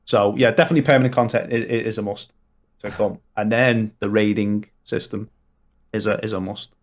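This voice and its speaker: This guest from Liverpool, England, has a voice on the low side, steady and brisk, with the local accent. Chatting on a podcast in a casual way, he goes on at length, restarting often and leaning on fillers.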